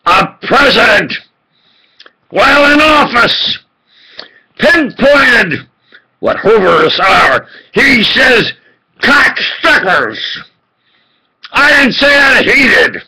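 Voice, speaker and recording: A gravelly, husky-voiced man rants passionately about politics in the role of a self-appointed preacher. He swings between muttering and shouting, hammering points home through emphatic repetition, and the recording quality is low.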